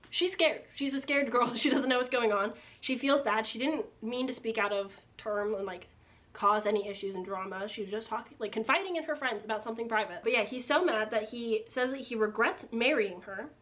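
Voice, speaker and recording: A woman's voice: fairly high pitch, fairly bright tone. A young woman casually recapping a book she dislikes, chatty and sarcastic, filling her talk with "like", recorded on a built-in camera mic. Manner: chatty, sarcastic, heavy use of "like". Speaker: book reviewer. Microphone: built-in camera mic, no external microphone.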